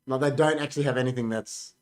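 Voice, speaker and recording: A young Australian man co-hosts a casual podcast chat, speaking fast in a medium-pitched, steady voice. He talks emphatically and caps his boasts with "bro."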